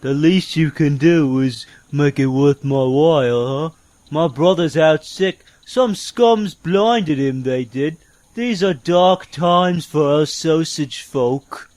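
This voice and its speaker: A man's voice: fairly high pitch, takes it slowly, darkish tone, dry recording. A man doing a mumbling grumpy sausage seller. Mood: grumbling. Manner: mumbled, hard to follow, gruff. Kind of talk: improvised tabletop role-play.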